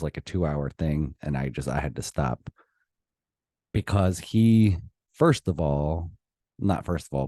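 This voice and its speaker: Deep-voiced, slow, impassioned male commentator. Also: dark tone, no room sound, studio quality. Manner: impassioned, heated, with pauses and restarts. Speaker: political commentator. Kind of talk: solo opinion monologue.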